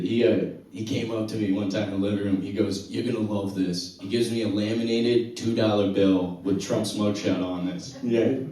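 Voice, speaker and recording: A man doing a stand-up comedy set and hosting the show, telling dry stories with sudden loud exclamations, on a handheld mic in a comedy club. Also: on the low side. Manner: deadpan storytelling, bursts of loud laughing exclamations. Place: comedy club with live audience. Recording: echoey club, recorded from a distance.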